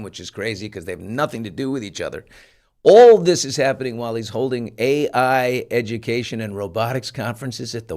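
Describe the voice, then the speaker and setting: A middle-aged man hosting a podcast, commenting casually with lots of fillers and an incredulous tone. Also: lowish voice. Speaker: podcast host.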